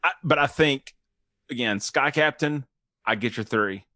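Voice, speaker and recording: Young male podcast co-host, casual and jokey, mid-pitched voice, dry close sound. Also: bright, forceful tone, no room sound. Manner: loose and joking, quick to laugh and goof around. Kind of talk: casual chat.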